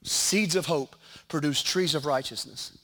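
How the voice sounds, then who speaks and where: A middle-aged man preaching a sermon in a church, animated, with shouted peaks and joking asides. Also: fairly high pitch, unhurried. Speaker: pastor. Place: church sanctuary.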